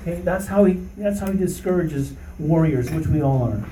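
A man's voice: on the high side, expressive, normal speed, far from the mic, noisy background. A man leading an informal Bible study for a small group, emphatic and rising to preaching fervor, often checking in with "okay?". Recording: roomy echo, voice from off-mic, faint ambience.

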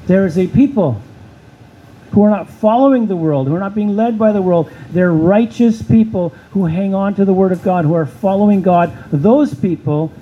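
A man's voice: high voice, lo-fi sound, a little hiss or hum. A man preaching a sermon as pastor, asking the listeners questions and repeating key words for emphasis.

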